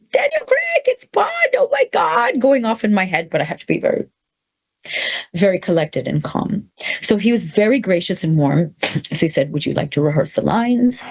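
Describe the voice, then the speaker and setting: A middle-aged woman telling a personal story in a casual, animated way, jumping up high when she voices her own thoughts. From Canada. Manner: animated storyteller, quick swings into high excited voice for quoted thoughts. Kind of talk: casual anecdote. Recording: slightly dull, lo-fi sound.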